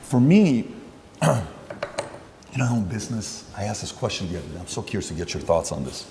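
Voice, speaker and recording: A man's voice: lowish voice, sing-song, moderate pace, vocal fry, dark tone, big-room sound, slight background noise. A man hosting an interview, rambling through long setups and acting out dialogue between questions. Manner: rambling, acts out dialogue, many fillers. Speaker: interview host.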